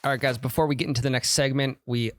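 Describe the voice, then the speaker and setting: A man's voice: mid-range voice, level tone, racing, a little hiss or hum. A young man co-hosting a golf podcast, chatting loosely and slipping into sponsor-read patter. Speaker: podcast co-host. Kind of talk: casual chat with ad reads.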